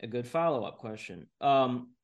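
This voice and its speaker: Middle-aged male guest, blunt and opinionated, laughs a lot, mid pitch. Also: expressive, moderate pace. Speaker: guest entrepreneur. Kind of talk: casual interview talk.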